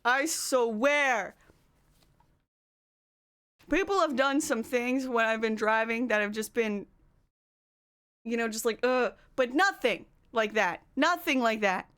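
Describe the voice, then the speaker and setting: Woman streamer, casual chat, high resonant voice, lively storyteller. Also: unhurried, smooth. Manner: animated storytelling, voice climbing when worked up. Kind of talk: casual chat with live viewers.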